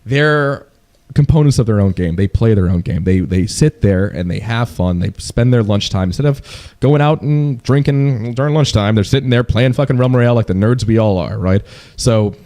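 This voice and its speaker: A man's voice: fairly low pitch, normal speed, warm tone. A young man ranting casually to his viewers as a gaming streamer, profane and repetitive, jumping into mocking voices when he quotes others. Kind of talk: casual rant to camera.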